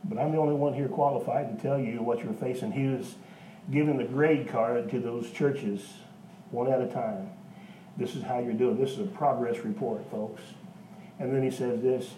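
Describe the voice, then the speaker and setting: A pastor preaching a sermon in a church, with an emphatic, folksy manner and homespun asides. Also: male voice, mid-range voice, normal speed, mellow, echoey room, far from the mic, a little hiss or hum, poor audio.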